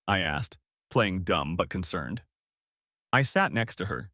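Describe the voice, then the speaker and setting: Lively-voiced man narrating a story. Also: low-pitched, measured pace, pauses often, no echo, studio quality. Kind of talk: scripted first-person story narration.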